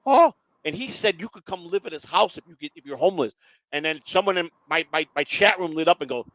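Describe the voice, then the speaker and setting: A man rambles through a loose, profane chat, tripping over his own restarts. His voice sits a bit high and swings up and down a lot. The sound is dry and close. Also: lively intonation, quick pace, a bit bright, no room sound. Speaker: show host. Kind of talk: casual chat.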